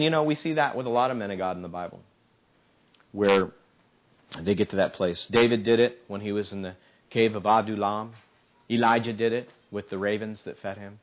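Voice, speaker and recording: A man preaches a sermon in an animated way, his voice climbing high as he acts out a desperate plea. The recording is dull and lo-fi, like an old church tape. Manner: animated, voice climbing high when acting out Samson's pleas.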